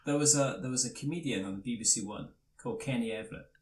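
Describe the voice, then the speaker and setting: A man's voice: mid-range voice, quick pace, a little hiss or hum. A man hosting a podcast, rambling in casual chat and laughing often, recorded from across the room. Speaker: podcast host. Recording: roomy, mic far off.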